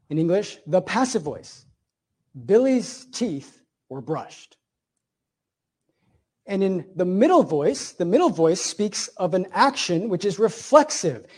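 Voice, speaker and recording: A man preaching a sermon, building emphatic repeated phrases and slowing down to stress key words while explaining a point like a teacher. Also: high voice, mellow. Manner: emphatic, repetitive cadences with slow, stressed phrases.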